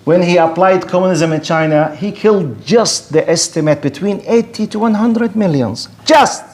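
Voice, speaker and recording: A man lectures in English on religion, his voice sitting a little high for a man. He argues with lively rhetoric, firing questions and answering imagined objectors himself. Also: normal speed. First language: Arabic. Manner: animated, rhetorical, mock-debates imagined objectors. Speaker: Islamic lecturer.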